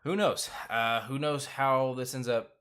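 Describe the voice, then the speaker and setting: A man's voice: medium pitch, fairly even intonation, measured pace, a bit bright, clean tone. A man hosting his own recap show, talking loosely with lots of filler words and strong opinions. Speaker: host of a reality TV recap channel. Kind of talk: casual episode recap chat.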